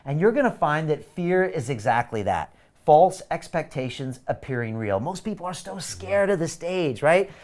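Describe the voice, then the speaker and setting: Urgent, fired-up man pitching a course. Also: normal speed. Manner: energetic, urgent, pushy and emphatic. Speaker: webinar host selling a course. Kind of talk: live webinar sales pitch.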